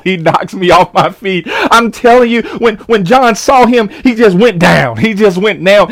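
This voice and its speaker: A man preaching a fervent sermon in an online service, often repeating words and drawing out the scripture he reads. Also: high voice. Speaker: pastor.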